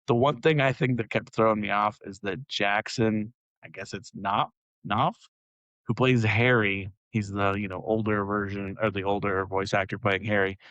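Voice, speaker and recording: A man's voice: lowish voice, fairly even intonation, moderate pace, hardly any pauses, fairly bright tone, no room sound, dull audio. A man co-hosting a podcast, chatting casually and rambling with many fillers and laughs. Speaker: podcast co-host. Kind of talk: casual chat.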